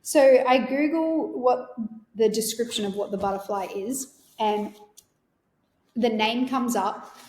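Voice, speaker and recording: A woman's voice: fairly high pitch, slow, a little mellow, echoey room. A woman, hosting a podcast and telling a personal story in an earnest, emotional, rambling way. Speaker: podcast host.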